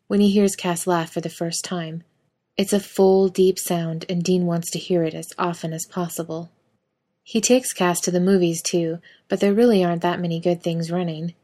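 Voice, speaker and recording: A woman reads a story aloud with a slightly low voice. Her narration is soft and even, and she speaks the quoted lines gently rather than fully acting them. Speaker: fan fiction reader. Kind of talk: audiobook-style story reading.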